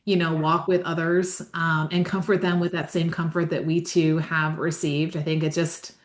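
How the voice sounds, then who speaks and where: A woman's voice: low-pitched, level tone, moderate pace, reverberant. A woman hosting a faith-based podcast interview, enthusiastic and affirming as she introduces and responds to her guest. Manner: enthusiastic and affirming, gushes praise. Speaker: podcast host.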